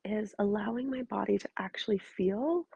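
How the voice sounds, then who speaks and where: A woman's voice: mid-range voice, normal speed, creaky, husky, no room sound, lo-fi sound. A woman hosting a podcast in a casual, frank and emphatic way, swearing freely, tired and talking from her bed. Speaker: podcast host and relationship coach. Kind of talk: casual solo podcast monologue. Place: bedroom, curled up in bed.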